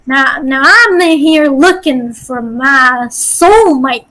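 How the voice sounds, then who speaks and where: A woman voicing a flirtatious southern belle looking for her soulmate, with a put-on American Southern accent and a slow, drawling sing-song delivery. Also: high voice, animated, pushed and bright, heavily acted, poor audio. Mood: flirty.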